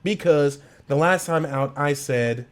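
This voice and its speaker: A man hosting a casual football transfer talk, animated and slangy, laughing often and asking the fans questions directly. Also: fairly high pitch, measured pace, background noise. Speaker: sports channel host.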